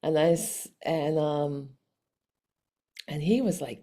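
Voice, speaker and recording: A woman telling a personal story to camera in a casual, animated way, with frequent restarts and laughs. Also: low-pitched, slow. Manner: animated, chatty, many restarts, laughs often. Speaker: vlog host.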